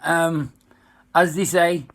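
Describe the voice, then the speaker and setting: Yorkshire bloke, a bit poorly, fairly high voice, chatty and halting. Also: male voice, fairly even intonation, fairly bright tone. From Yorkshire, England. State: unwell. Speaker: singer and tribute impersonator. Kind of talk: casual fan video chat.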